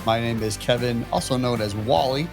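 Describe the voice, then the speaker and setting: An upbeat man opens a podcast, his voice at an ordinary middle pitch. He speaks in a friendly, welcoming way. A faint guitar plays behind him. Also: normal speed. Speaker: podcast co-host. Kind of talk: casual podcast chat.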